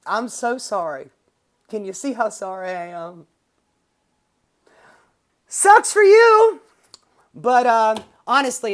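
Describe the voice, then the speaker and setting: A woman hosting her own political commentary show, ranting casually with sarcasm and swearing. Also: fairly low pitch.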